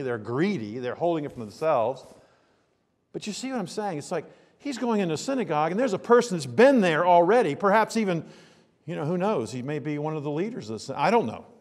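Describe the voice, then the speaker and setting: A man preaching a sermon as a pastor, in a conversational style that swings between hushed asides and loud emphasis. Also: a little high, long reverb tail. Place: church sanctuary.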